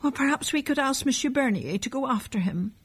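Woman doing a worried mom voice, sharp and kinda breathy, a bit higher. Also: lively intonation, fairly quick. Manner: sharp, anxious.

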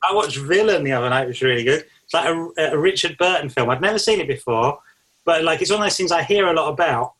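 Man, casual podcast chat, husky voice, keen and filler-heavy. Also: fairly high pitch, expressive, fast talker, a bit bright. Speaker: podcast co-host.

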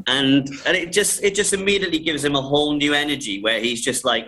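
A film director talking casually in an interview, rambling with many restarts and frequent laughs. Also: male voice, mid-range voice, animated, normal speed, sharp tone, poor audio.

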